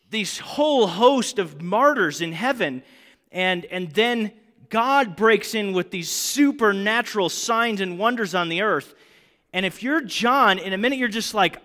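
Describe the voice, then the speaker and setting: High-voiced man teaching a sermon. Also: measured pace. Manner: conversational, animated with checking questions. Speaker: Bible teacher. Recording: long hall reverb.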